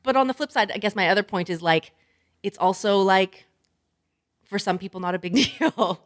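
A woman co-hosting an advice podcast, animated and frank, laughing often and swearing casually. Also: medium pitch, normal speed. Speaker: podcast co-host.

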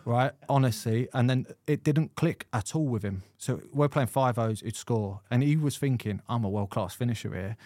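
A man hosts a podcast and banters in a matey way, often laughing as he talks. His voice is middle-pitched, recorded close and dry. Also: normal speed, hardly any pauses, warm tone, dry recording. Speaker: podcast host. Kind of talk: casual podcast chat.

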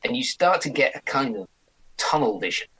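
A man in his forties, an actor chatting as an interview guest in an animated way. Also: medium pitch, normal speed, breathy edge, poor audio. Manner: chatty, animated, slips into mock accents. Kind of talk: casual interview chat.

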